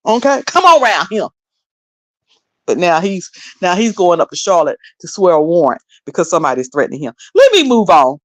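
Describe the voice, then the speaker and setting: A woman's voice: fairly high pitch, no room sound. A woman hosting a casual livestream, sassy and laughing as she mocks someone. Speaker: livestream host. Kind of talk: casual commentary.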